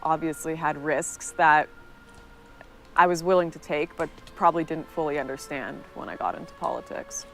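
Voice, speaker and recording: A woman's voice: deep voice, moderate pace, soft background music. A woman earnestly narrating a personal story in a scripted, recounting way.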